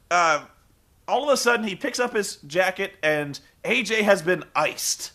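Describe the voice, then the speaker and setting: Animated, high-voiced sarcastic male reviewer. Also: unhurried. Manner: sarcastic, swearing, animated storytelling. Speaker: comedy show reviewer. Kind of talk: profane comedic recap.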